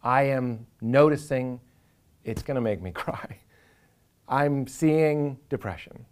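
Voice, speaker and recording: In a reflective interview, a male comedian talks earnestly and with animation, occasionally acting out inner voices for laughs. His medium-pitched voice is slightly mellow and clean, and he speaks slowly.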